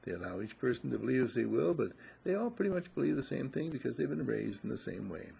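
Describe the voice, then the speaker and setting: Stern old toad guarding the pond, firm refusals, lively delivery, as a man puts him on. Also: medium pitch, fast talker, vocal fry, slightly rough, voice pushed up, full character voice.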